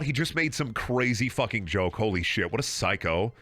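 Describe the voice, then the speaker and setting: This man's fairly low voice has lively intonation and a fairly bright tone at normal speed. Streaming a video game, he chats casually in a rambling, sarcastic, foul-mouthed way, laughing often and repeating words.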